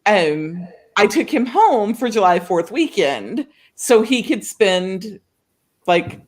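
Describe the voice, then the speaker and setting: Lively woman telling a story. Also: medium pitch, slow. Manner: animated, laughing storyteller. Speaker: co-host of a writing show. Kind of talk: casual storytelling chat.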